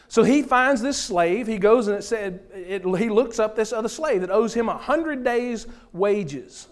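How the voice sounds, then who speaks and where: Man, preacher, very high voice, earnest verse-by-verse sermon. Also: animated, moderate pace, hardly any pauses. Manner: earnest, explaining scripture verse by verse.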